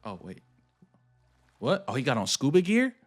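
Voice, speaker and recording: A man's voice: mid-range voice, huge pitch swings, normal speed. A man streaming a game, commenting in a hyped way and repeating himself as he plays. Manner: hyped, repetitive, talks to himself. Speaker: gaming streamer. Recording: clear game music behind. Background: game music.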